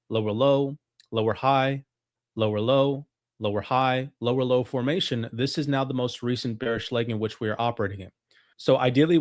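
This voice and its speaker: A man walking through trading charts as a market analyst, talking confidently and technically in a brisk, steady delivery. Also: mid-range voice, no room sound, studio quality.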